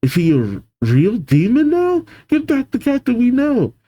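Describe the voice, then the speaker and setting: A man voicing a crowd of panicked giant soldiers, shouting in a high, alarmed voice. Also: wildly swooping pitch, a little slow, dull audio.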